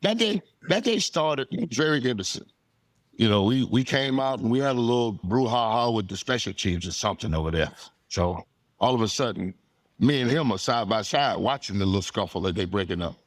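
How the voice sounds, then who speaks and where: A middle-aged man, a former football player telling animated stories on a podcast, acting out quotes and laughing often. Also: lowish voice, brisk, no echo, studio quality. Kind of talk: casual storytelling.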